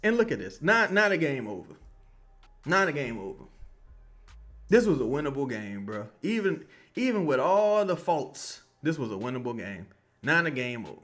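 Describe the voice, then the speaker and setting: A man's voice: mid-range voice, very animated, moderate pace, a bit bright. A young man watching a basketball game and reacting live, swearing a lot and ranting in bursts. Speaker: basketball commentator streamer.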